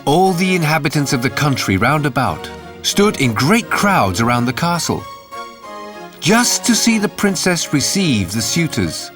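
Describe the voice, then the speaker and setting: A man narrating a fairy tale in an animated, expressive way. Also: a little high, measured pace, music in the background. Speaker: storyteller. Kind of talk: storybook narration.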